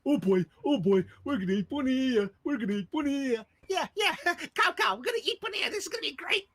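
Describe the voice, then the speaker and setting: A man voicing a small, greedy, excited minion shark in a Hawaiian Pidgin accent. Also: very high-pitched, a little fast, pitched above the performer's own voice. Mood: gleeful.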